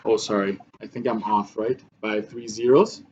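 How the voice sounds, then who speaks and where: Male teacher, mid pitch, walks students through steps, slightly dull lo-fi recording with faint background noise. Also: fairly even intonation, normal speed, darkish tone. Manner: talks through steps, frequent "right?" checks. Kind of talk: math lesson walkthrough.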